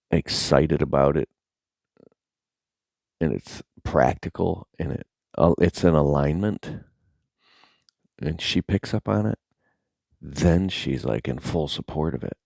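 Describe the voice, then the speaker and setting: A middle-aged man talking casually to camera as a content creator, rambling and animated, sometimes dropping to a near-whisper. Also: rumbling low, takes it slowly, vocal fry, long pauses, no room sound, studio quality.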